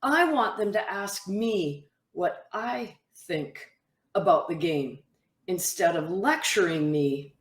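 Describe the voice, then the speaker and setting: A woman's voice: slow, echoey room. A woman who is a mental toughness coach, giving advice to camera and acting out what young athletes tell her. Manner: animated, acts out athletes' quotes in a higher voice. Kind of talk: talking to camera, advice monologue.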